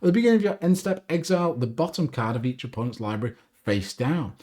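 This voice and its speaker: A man talks through his favorite cards, reading out their rules and reacting with upbeat asides. His pitch swings widely as he speaks. His tone is casual and chatty, like a regular host of his own show. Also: fast talker. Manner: reads card text aloud, animated, self-deprecating asides. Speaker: deck review host. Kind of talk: casual card game commentary.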